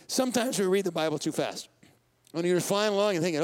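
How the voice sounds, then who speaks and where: A man's voice: high-pitched, expressive, quick pace. A man, preaching a sermon as pastor in a conversational style, putting questions to the congregation and laughing often.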